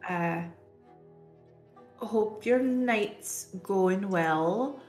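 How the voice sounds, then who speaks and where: Polite, flustered Scottish traveler, slow delivery, a woman puts her on. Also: medium pitch, darkish tone, faint music behind. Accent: Scottish (put on). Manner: hesitant, fumbling with fillers. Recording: roomy echo.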